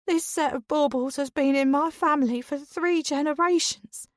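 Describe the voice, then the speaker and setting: A woman voicing a theatrical, tearful middle-aged woman in an audiobook, with high, wailing, sobbing outbursts. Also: moderate pace, dry recording, studio quality, natural voice. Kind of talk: audiobook character voice.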